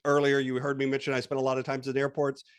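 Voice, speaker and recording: A man who is a guest coach on a podcast interview. He walks the listener through an exercise with animated storytelling and quoted voices. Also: mid-range voice, fast talker, clean tone.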